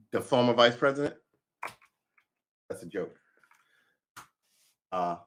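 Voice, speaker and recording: A man chatting casually on a live stream, rambling and making wry jokes. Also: a little high.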